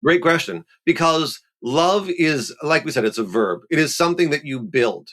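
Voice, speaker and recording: A middle-aged man from Montreal, a rabbi explaining ideas in a relaxed conversational way, animated and playful with quick asides. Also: fairly high pitch. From Montreal, Canada. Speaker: rabbi, guest.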